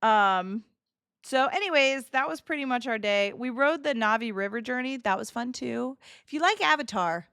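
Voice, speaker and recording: Bubbly woman streamer, crisp and close. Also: fairly high pitch, no room sound. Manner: animated, laughing, quick asides. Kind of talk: casual storytelling to a live chat.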